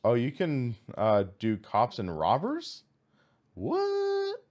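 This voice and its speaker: A man's voice: mid-range voice, huge pitch swings, slow pace, darkish tone. A man streaming a racing sim, thinking aloud as he reads out menu items and chats with viewers. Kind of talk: casual live-stream commentary.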